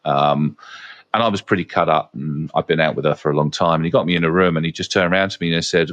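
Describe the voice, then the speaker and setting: Deep-voiced man, frank casual talk. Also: fairly even intonation, quick pace, fairly bright tone. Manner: frank, swears casually, frequent fillers. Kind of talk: casual conversational anecdotes.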